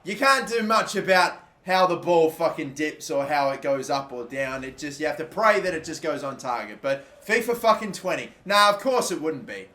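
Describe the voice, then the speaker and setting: A young man from Australia commentating his own football video game, swearing constantly and erupting into shouts when a play goes wrong. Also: on the high side, animated, normal speed, few pauses. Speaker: gaming YouTuber. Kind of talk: live gameplay commentary.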